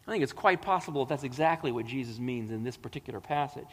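A man's voice: medium pitch, expressive, fast talker. A man preaching a sermon, reading scripture dramatically and explaining it with emphatic, rising delivery. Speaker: pastor. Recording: long hall reverb.

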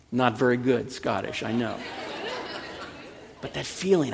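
A man in his fifties, a pastor preaching a sermon in an earnest, pleading way that builds to emphatic peaks, with a gravelly, husky voice. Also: medium pitch, moderate pace, long pauses, in a large hall, slight background noise.

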